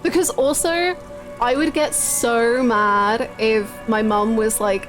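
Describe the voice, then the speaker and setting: Brief: young female streamer, lively and laughing, slightly high voice, game music behind. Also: slow. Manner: chatty, laughing, animated storytelling. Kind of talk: casual chat while playing a game.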